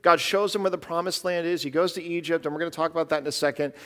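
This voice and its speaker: A man's voice: fairly high pitch, steady tone, very fast, a bit bright. A man pastor giving an earnest, conversational sermon in a church. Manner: earnest, conversational preaching with fillers.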